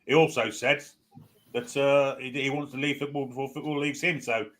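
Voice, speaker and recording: A bright-voiced man talks quickly on a fan podcast and corrects himself mid-sentence. Faint noise and clicks sit behind his voice, and he sounds a little far from the mic. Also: mid-range voice, steady tone. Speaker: panel guest. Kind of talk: casual podcast chat.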